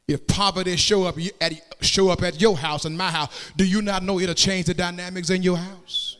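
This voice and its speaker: A man preaching a sermon in a church, swinging from plain talk into shouted, sung cadences and calling out to the congregation for answers. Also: high voice, flat delivery, moderate pace, smooth. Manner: calls out to the congregation for response. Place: church sanctuary. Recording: long hall reverb.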